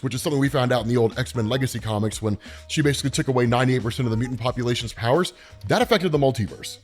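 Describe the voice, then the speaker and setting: A man hosting a comic explainer channel, recapping the story in a casual, chatty way, often adding "right?" and "like" as he acts out the characters' lines in passing. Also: medium pitch.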